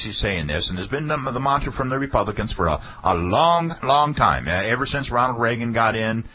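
A man's voice: mid-range voice, slight background noise. A man hosting a political talk radio show, delivering a folksy, sarcastic monologue. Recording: dull lo-fi radio broadcast.

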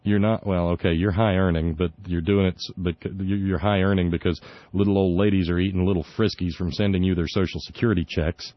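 Indignant low-voiced male radio host. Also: steady tone, fairly quick, no echo. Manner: indignant, sarcastic, stumbling restarts. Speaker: radio talk show host. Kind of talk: opinionated political commentary. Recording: dull lo-fi dry recording.

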